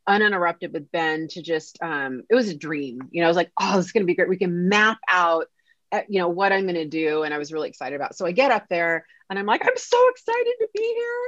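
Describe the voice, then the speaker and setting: A woman who is a guest on a podcast, telling a story in a lively way and acting out the lines people said to her. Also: on the low side, fast talker, no room sound. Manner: animated, acts out quoted dialogue. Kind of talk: casual storytelling interview. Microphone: podcast mic. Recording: dull lo-fi sound.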